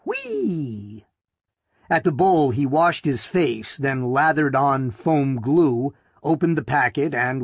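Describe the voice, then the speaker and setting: A man reading a story aloud as narrator, in a measured, even storytelling manner on a close mic. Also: fairly high pitch, dry recording. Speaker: audiobook narrator. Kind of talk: scripted narration.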